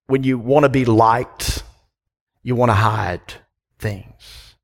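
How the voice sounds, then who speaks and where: A man's voice: mid-range voice, slow, gravelly. A pastor preaches in an easy, conversational way, often turning questions back on his listeners. His voice sits in a middle range for a man. The sound carries the long reverb of a large church hall. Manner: conversational, asks the congregation questions. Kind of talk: sermon.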